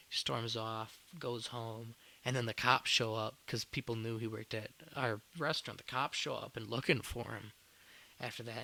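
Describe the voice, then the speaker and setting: A young man tells a work story as a podcast host, rambling and exasperated, dropping casual curses. His voice has a gravelly fry and a bright edge. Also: medium pitch.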